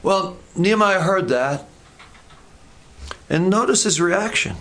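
High-voiced man preaching conversationally. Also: expressive, slow, long pauses, fairly bright tone. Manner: conversational, joking asides, acts out dialogue. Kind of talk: sermon.

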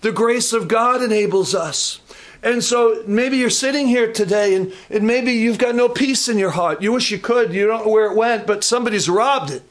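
A man's voice: high-pitched, normal speed. A man preaching a sermon in church, emphatic and questioning his congregation.

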